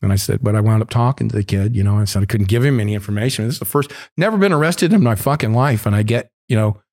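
A man's voice: on the low side, fast talker, darkish tone. A man casually telling a long story, candid and full of swearing. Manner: profane, candid and rambling.

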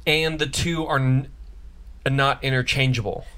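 A man's voice: medium pitch, fairly even intonation, a little slow, bright, forceful tone. Young american guy cohosting a church podcast, jokey, trips over his words, normal middle voice. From United States. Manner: joking, loose, with many restarts. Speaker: podcast co-host. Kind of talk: casual faith podcast chat.

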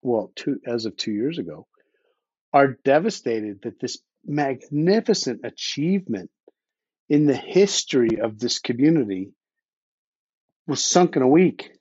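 A man's voice: mid-range voice, expressive, measured pace, a little mellow, breathy edge, no echo. A blunt, opinionated man talks as a guest on a podcast, often restarting his sentences and swearing now and then. He has the hiccups. His voice comes through dry and a little dull, as from a remote recording. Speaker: podcast guest, underwater explorer. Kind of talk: casual conversational interview.

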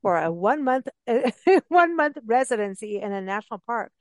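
A woman hosting a radio interview, talking in an enthusiastic, rambling, chatty way with quick laughs. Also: fairly high pitch, lively intonation, no echo. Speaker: radio show host. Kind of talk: casual interview chat. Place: travel and parks radio show.

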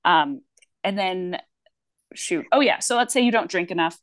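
Chatty woman clinician, low and dry. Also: expressive, moderate pace, a bit bright, no echo. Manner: chatty, rambling, frequent fillers and restarts. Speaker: speech-language pathologist, podcast co-host. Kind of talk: casual podcast chat.

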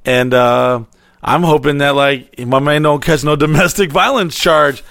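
On a podcast, a man tells a wild story in casual, heavily profane talk, animatedly acting out the quotes and swearing freely. His voice is fairly high and creaky at a measured pace, recorded dry with clean studio sound.

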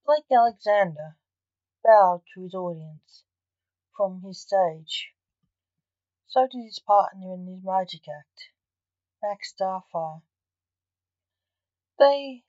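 Slow, measured woman narrating a story. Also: mid-range voice, darkish tone, dry recording, dull audio. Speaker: author reading her own story.

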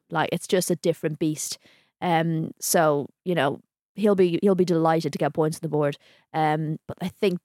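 Chatty woman, lowish voice. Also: darkish tone, no echo, clean studio sound. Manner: chatty and enthusiastic, teasing. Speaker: podcast co-host. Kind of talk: casual football chat.

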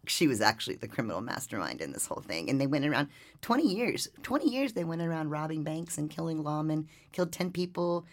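A woman reporter, a regular on the podcast, reading and then telling a ghost story in a lively, animated way. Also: low voice, fast. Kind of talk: storytelling and casual chat.

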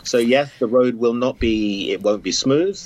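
A man calling in to the show, speaking earnestly and encouragingly in a halting way. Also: medium pitch, a little mellow. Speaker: caller. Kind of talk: phone-in call.

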